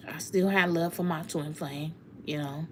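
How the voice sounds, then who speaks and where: A woman's voice: low-pitched, steady tone, measured pace, a little hiss or hum. A woman tarot reader speaking heartfelt and emotional on a live stream to her viewers, often laughing.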